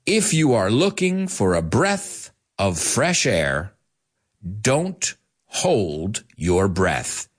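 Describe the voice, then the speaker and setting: Animated husky male English teacher. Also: on the low side, very slow. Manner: playful, animated, jokes with viewers; mixes Spanish phrases into English explanations. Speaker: English teacher and show host. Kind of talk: live language lesson.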